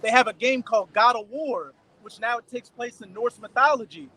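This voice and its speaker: A man talking casually outdoors, animated as he explains scripture and old stories. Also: very high-pitched, fairly quick, poor audio.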